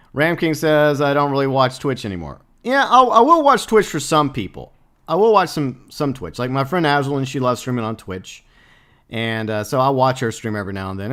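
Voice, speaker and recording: A man hosts a casual live stream in a rambling, blunt manner. He reads out viewer comments, talks through plenty of fillers and restarts, and swears freely. His voice sits at an ordinary middle pitch. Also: a bit bright. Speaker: livestream host.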